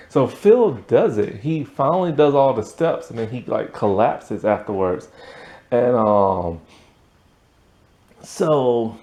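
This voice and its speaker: A man casually recapping a TV episode, telling it in an animated way with lots of "like" and "um" and frequent laughter. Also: medium pitch. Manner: animated storytelling, lots of fillers, laughs often. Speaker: TV episode reviewer.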